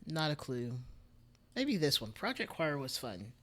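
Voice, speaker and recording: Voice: mid-range voice, big pitch swings, unhurried, a bit bright. A Texan-accented streamer talking loosely into a desk microphone at home. The speech wanders from one thought to the next, with friendly greetings to viewers mixed in. It is an easygoing, chatty livestream delivery. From Texas. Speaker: music streamer. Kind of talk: casual livestream chat.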